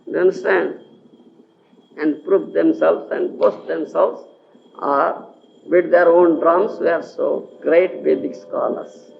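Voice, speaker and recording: A man's voice: a little high, slow pace, creaky. A man from India giving a scripture lecture, often asking his listeners whether they follow. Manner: animated, keeps checking with listeners. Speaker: spiritual teacher. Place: lecture hall. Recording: dull lo-fi archival tape with faint hiss.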